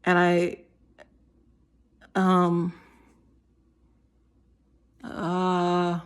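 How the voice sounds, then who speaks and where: A woman's voice: fairly low pitch, completely flat delivery, very slow, smooth. A tired young woman vlogging casually, giddy and giggly, rambling with many restarts.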